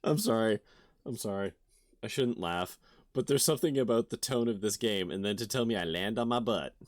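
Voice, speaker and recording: A man's voice: fairly low pitch, a little fast, no room sound, clean studio sound. A man streaming a let's play of a visual novel, reading the text aloud and stopping to joke about it. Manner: reads narration, then breaks off to laugh and joke. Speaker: game streamer.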